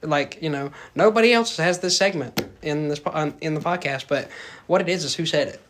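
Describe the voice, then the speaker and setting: Young male podcast host, slightly high voice, rambling casual chatter. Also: a little fast, fairly bright tone. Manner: chatty, rambling, many fillers and quoted asides. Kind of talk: casual interview chat.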